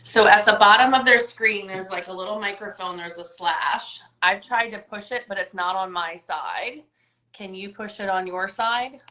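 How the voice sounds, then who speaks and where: A woman hosts a casual wellness chat over a video call. Her voice is bright and forward, and she talks in an upbeat, chatty way, full of "like" and "right?". A roomy echo hangs around her voice. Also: medium pitch, normal speed. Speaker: host.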